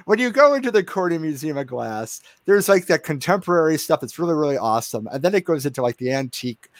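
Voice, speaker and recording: A man's voice: a little high, big pitch swings, fast, dry recording, studio quality. A man hosting a casual interview, chatty, with many fillers and restarts and frequent laughter. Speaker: interview host.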